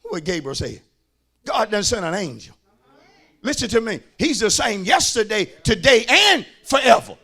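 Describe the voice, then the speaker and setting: A man, a pastor preaching a sermon in a church, shouting in a rhythmic, sing-song way and calling out to the congregation. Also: high-pitched, very animated, normal speed.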